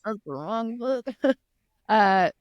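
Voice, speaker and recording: Lively woman recapping a book. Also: on the high side, slow pace, no room sound, muffled recording. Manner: animated recapping with laughs and acted quotes. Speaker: podcast co-host. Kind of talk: casual book chat.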